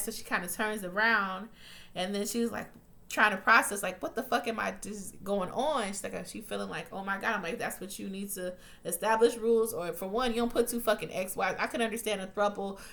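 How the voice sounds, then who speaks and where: A chatty woman tears through a TV episode recap, swearing freely and slipping into the characters' voices as she goes. Her voice is bright and forward, set at a middle pitch for a woman. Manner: profane, blunt, chatty, acts out quotes. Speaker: TV recap vlogger. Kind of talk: casual recap.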